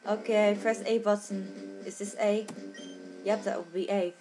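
A woman's voice: mid-range voice, steady tone, unhurried, a crowd in the background. A woman doing casual let's-play commentary, rambling and giggly, with lots of fillers and casual swearing.

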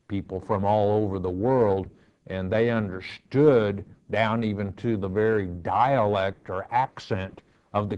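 A male pastor answering listener questions in a slow, measured, firm and matter-of-fact way, teaching from the bible. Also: fairly low pitch, a little mellow, highs cut off.

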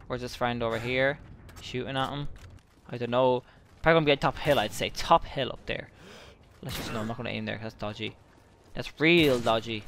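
A young man talks through his gameplay in a bright, forward voice. He is excitable and swears freely, breaking into sudden outbursts. Faint background noise sits under his voice. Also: medium pitch. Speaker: gaming channel host. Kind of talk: gameplay commentary.

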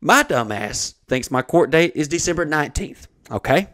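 A man's voice: fairly high pitch, normal speed. Guy on a comedy podcast, cussing a lot, doing all the voices in his story. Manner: profane, animated storytelling with acted-out voices. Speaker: comedian host.

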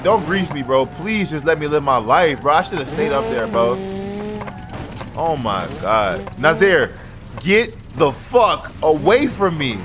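A young man streaming a driving game, talking casually and cursing excitedly at other players. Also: fairly high pitch. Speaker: gaming streamer. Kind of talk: casual gameplay commentary. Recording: loud game engine noise behind. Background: car engine and game sounds.

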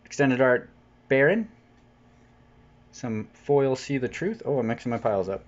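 A man's voice: medium pitch, unhurried. Chatty man unboxing cards, lo-fi. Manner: chatty, jokey, prone to excited outbursts. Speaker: channel host unboxing cards. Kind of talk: casual unboxing commentary. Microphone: off-camera voice-over mic.

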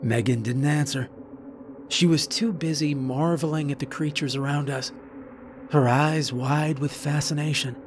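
A man narrating a scary story in the first person, slow and measured. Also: fairly high pitch, fairly even intonation, background noise. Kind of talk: scripted narration. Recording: faint background music.

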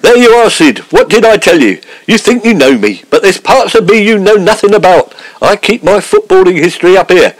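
A man's voice: high voice, animated, fairly quick, no echo, low-quality recording. A man voicing a pompous, put-upon middle-aged football manager in a comedy radio pastiche. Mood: blustering. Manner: pompous and blustering.

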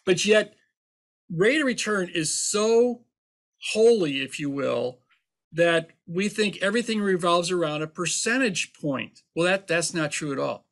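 A man's voice: high-pitched, animated, measured pace, gravelly, a bit bright. A man who is an accountant and author, answering interview questions with emphatic, teasing explanations and everyday examples.

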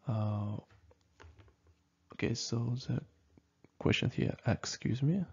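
Male teacher, very slow and halting delivery, gravelly husky voice, dull lo-fi sound; checks in with "okay?" often. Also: on the low side, mellow. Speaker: language teacher. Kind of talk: casual spoken lesson. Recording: dull lo-fi recording.

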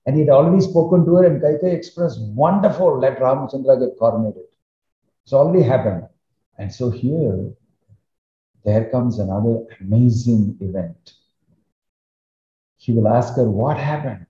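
Male swami preaching through story, with a deep mellow tone and a roomy sound. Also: moderate pace, pauses often. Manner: animated storytelling with casual fillers. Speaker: swami, spiritual teacher. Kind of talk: sermon storytelling. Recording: roomy, slightly muffled recording.

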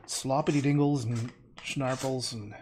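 A man's voice: medium pitch, steady tone, measured pace, a little mellow, a little hiss or hum. Rambling man muttering while painting. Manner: rambling, mutters to himself, playful nonsense words, swears casually. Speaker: painter streaming live. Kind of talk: casual livestream chatter while painting.

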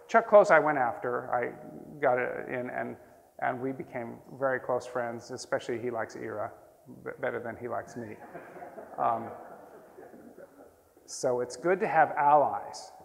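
A man in his sixties, a printmaker, telling rambling, animated anecdotes to an audience. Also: medium pitch, gravelly. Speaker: printmaker telling stories at a talk. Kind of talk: casual storytelling to an audience. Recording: roomy hall with long reverb.

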